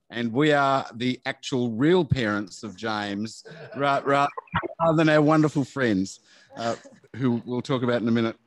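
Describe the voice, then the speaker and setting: A middle-aged Australian man, father of the groom, giving a halting wedding speech over a video call and laughing between phrases. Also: mid-range voice, dry recording.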